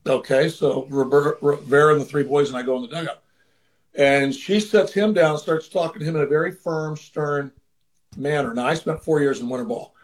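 A little fast and on the high side, the voice belongs to a former baseball manager being interviewed. Sincerely telling a personal story in casual conversation, he now and then acts out the voices of the people he's describing.

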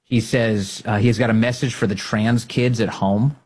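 Husky podcast guy ripping into politicians, mocking and animated, laughs a lot. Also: lowish voice, normal speed. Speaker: podcast host. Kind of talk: political commentary.

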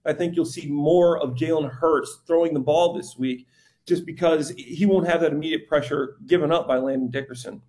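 A middle-aged former player giving casual football analysis, conversational and tripping over names now and then. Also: male voice, a little high, moderate pace, a little mellow. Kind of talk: casual sports chat.

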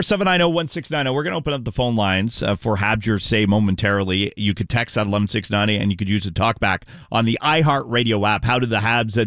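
A man hosting a sports talk radio show, briskly running the segment and reading out call-in details. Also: mid-range voice, a bit bright, no room sound, clean studio sound. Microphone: studio microphone.

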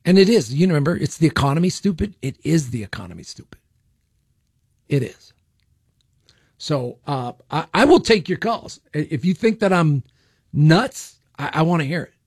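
A man hosting political talk radio, his voice pitched a bit high for a man. He talks in a blunt, opinionated way, stumbling and repeating words as he goes. The studio sound is close and dry. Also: lively intonation, moderate pace, husky, no room sound. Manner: blunt, opinionated, repeats himself with frequent restarts. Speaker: radio talk show host. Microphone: studio microphone.

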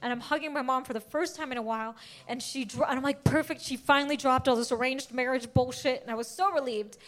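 High-voiced animated female stand-up comic. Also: quick pace. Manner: animated storytelling, loud bursts when acting out scenes. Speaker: stand-up comedian. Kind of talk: stand-up comedy set.

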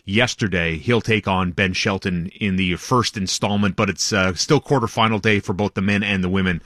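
A man's voice: deep voice, steady tone, normal speed, a bit bright, dry recording, clean studio sound. A man giving a loose, chatty sports update on morning radio, laughing along with the host. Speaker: sports reporter. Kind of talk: casual radio sports chat.

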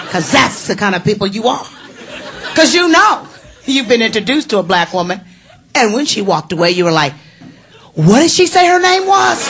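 A woman performing stand-up comedy in a club, loud and animated, shouting her punchlines. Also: sits high. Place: comedy club before a live audience. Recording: live club recording with crowd noise.

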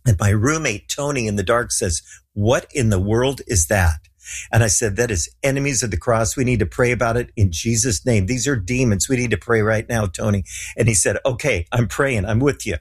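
Husky man telling a lively story. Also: medium pitch, fairly quick. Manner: animated storyteller acting out quoted voices. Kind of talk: casual storytelling interview.

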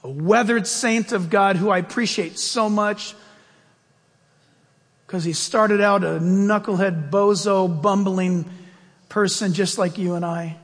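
A male pastor preaching a sermon with animated delivery, moving between loud raised bursts and low quiet asides. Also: slow pace. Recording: long hall reverb.

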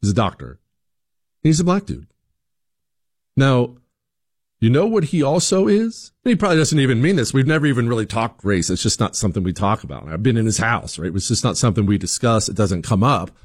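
A male commentator talking straight to his listeners in an emphatic monologue, his voice leaping up and down in pitch. He repeats words and restarts phrases as he pushes his points. The sound is dry and close, with no room around it. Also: brisk, no room sound. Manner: emphatic, animated, rhetorical questions, acts out quoted voices. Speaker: political commentator host.

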